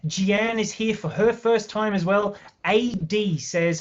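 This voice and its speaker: A man's voice: sits high, measured pace. An upbeat young Australian man hosts a live craft tutorial, greeting viewers by name as he explains each beading step. He talks in a friendly, rambling way. The audio is slightly dull. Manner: chatty, upbeat, reads out viewer comments while explaining steps.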